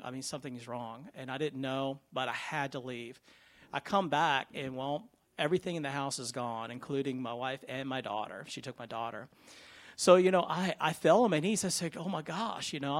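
A man sharing a personal testimony in church, earnest and conversational. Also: medium pitch. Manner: earnest, conversational, with fillers and restarts.

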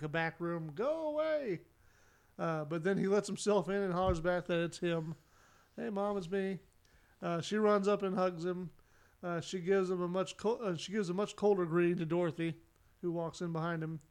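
A man's voice: high voice, steady tone, a little fast, clean tone. A man casually recapping a sitcom episode for a podcast, narrating the plot with lots of "uh" fillers.

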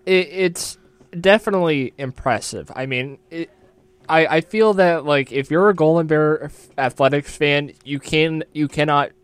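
A young man co-hosting a college radio sports show, chatting excitedly and often restarting his phrases. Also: a little high, moderate pace, clear, resonant tone, no room sound. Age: young adult. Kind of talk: casual sports chat.

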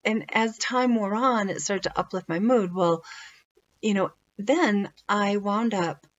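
A woman's voice: mid-range voice, measured pace, muffled recording, slight background noise. A woman sharing a personal faith testimony in a casual, rambling way, full of fillers and restarts.

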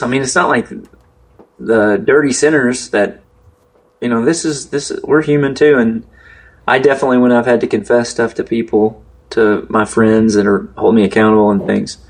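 A man's voice: mid-range voice, slightly rough. A man from West Texas, a pastor, telling stories in casual podcast chat with dry, self-deprecating humor.

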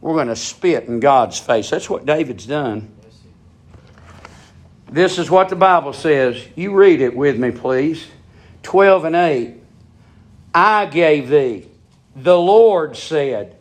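A man preaching a sermon with fervor, asking his listeners question after question and swinging from loud, high peaks down to low, quiet asides. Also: animated, takes it slowly, pauses often. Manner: fervent, rises to high shouting peaks then drops low; asks the congregation rhetorical questions.

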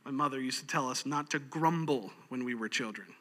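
A man's voice: mid-range voice, brisk, bright, forceful tone. Folksy preacher guy, laughs a lot, echoey church hall. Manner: folksy, practical, laughs easily. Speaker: pastor. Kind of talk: sermon.

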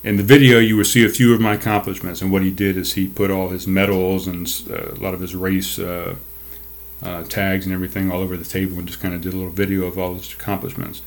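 Low-voiced middle-aged male podcast host, casual solo rant, profane and fired up. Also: flat delivery, quick pace. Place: home desk.

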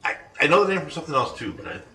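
A man's voice: fairly high pitch, very animated, very fast, sharp tone. A man co-hosting a casual chat, retelling folklore in a rambling, joking way with many fillers. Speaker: podcast co-host. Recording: roomy, distant mic, faint ambience.

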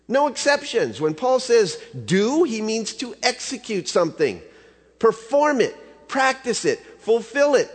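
A man preaching a sermon as a pastor, in a conversational way that keeps asking the audience rhetorical questions. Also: high-pitched. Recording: reverberant hall.

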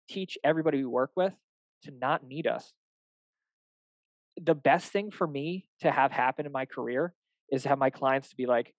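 This young adult man is a fitness coach chatting casually and animatedly on a podcast, acting out little exchanges with clients and swearing now and then. His voice is medium-pitched, and the low-quality recording has no room sound.

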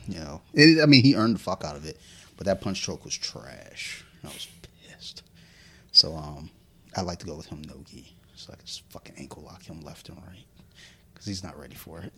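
A man's voice: sits low, lively intonation, moderate pace, fairly bright tone, slight background noise. A man in his thirties in casual chat, profane and laughing as he tells stories, a little drunk.

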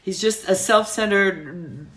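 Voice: medium pitch, takes it slowly, fairly bright tone. A podcast co-host talking casually and bluntly about a reality show. The tone is opinionated and frank, with firm judgments delivered plainly. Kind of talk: casual chat.

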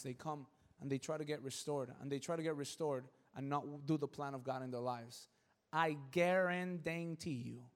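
A middle-aged man preaches with a high, light voice. He talks to the crowd like friends, keeps asking if they get it, and swings between quiet, slow lines and loud bursts. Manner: conversational, keeps asking if listeners follow. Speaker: pastor. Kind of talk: sermon.

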